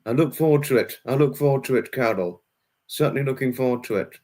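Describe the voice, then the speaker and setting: A man's voice: medium pitch, fast talker, a little mellow. A man hosting a casual livestream, answering viewers' chat one by one and repeating himself a lot, with many fillers and restarts. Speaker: livestream host reading chat.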